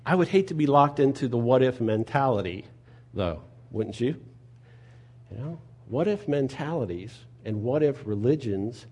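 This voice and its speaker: Husky-voiced man preaching with rhetorical questions. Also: medium pitch. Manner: conversational preaching, rhetorical questions, swings between soft and loud. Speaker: pastor. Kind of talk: sermon.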